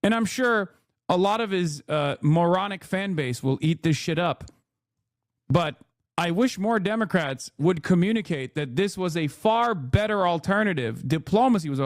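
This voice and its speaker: A man's voice: sits high, no room sound, studio quality. A young man hosting a live political stream, reading out posts and mocking them with a sarcastic, scornful manner. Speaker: political livestream host.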